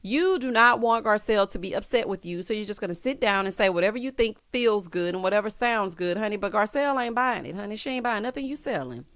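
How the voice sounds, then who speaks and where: A woman's voice: fast talker, few pauses. A woman giving casual, sassy commentary in a reality TV recap, calling everyone honey and child and swooping her voice up for emphasis. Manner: animated swoops in pitch for emphasis.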